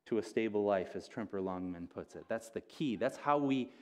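A man's voice: lowish voice, animated, normal speed, darkish tone. A man, a pastor, preaching an earnest, conversational sermon and often restarting his phrases.

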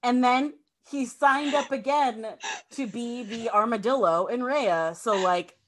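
A woman's voice: a little high, measured pace, fairly bright tone. A woman co-hosting a podcast, chatting casually with wry jokes. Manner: wry, joking asides. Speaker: podcast co-host. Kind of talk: casual chat.

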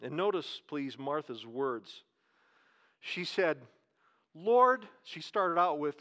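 A pastor with a notably high-pitched voice delivers a sermon like a chat with his congregation. He asks questions, repeats his key lines and draws out words for emphasis. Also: big pitch swings, slow pace, long pauses, sharp tone.

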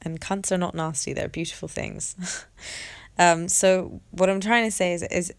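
A woman sharing a personal story in a candid monologue, reflective and halting, with many restarts and fillers. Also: fairly low pitch, fairly even intonation, clean tone. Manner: earnest and open, swears casually.

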